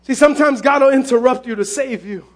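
High-pitched shouting preacher man. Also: fairly quick. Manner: fervent preaching, often shouting; animated storytelling with exclamations. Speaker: pastor. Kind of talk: sermon. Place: church sanctuary.

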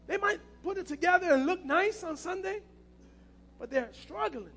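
A man's voice: extremely high pitch, animated, moderate pace, pushed and bright, faint music behind. A man preaching a passionate sermon as pastor, repeating his key phrases.

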